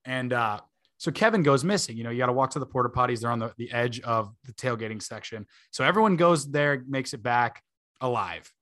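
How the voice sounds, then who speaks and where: A man's voice: medium pitch, expressive, brisk, fairly bright tone. A man in his twenties, a podcast host, telling a long story in a casual way, full of fillers and laughing asides.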